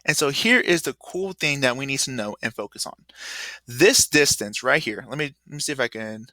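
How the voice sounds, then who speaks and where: A male math teacher walks through a video lesson in a loose, rambling way, using a bright, lively voice. The sound is dry and close to the mic. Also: mid-range voice, moderate pace, no room sound. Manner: casual, rambling, with fillers.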